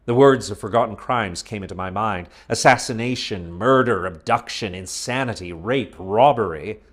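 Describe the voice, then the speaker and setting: A man narrating a science fiction story aloud with expressive, dramatic delivery. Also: lowish voice, normal speed. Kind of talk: dramatic audiobook reading.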